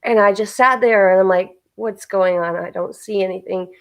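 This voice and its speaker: A woman's voice: medium pitch, moderate pace. A woman hosting a casual spiritual chat on a live stream, earnestly telling a long personal story. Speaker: host.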